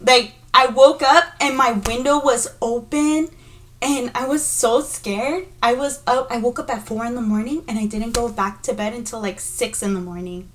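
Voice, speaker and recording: A young woman with a slightly high voice, telling a story casually on a podcast. She acts out the voices of the people in it and keeps the tale animated. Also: moderate pace. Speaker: podcast co-host.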